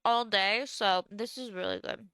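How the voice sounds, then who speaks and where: A woman's voice: medium pitch, steady tone, a little slow, gravelly, pushed and bright, clean tone, dry recording. A young woman streamer chatting casually with viewers while she eats, filling her talk with "like". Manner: chatty, lots of "like", talking while eating. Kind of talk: casual livestream chat.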